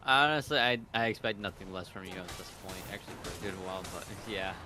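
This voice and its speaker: Co-player, male, low voice, dry teasing, swears; game music clearly audible. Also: fast. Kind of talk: casual gaming chat.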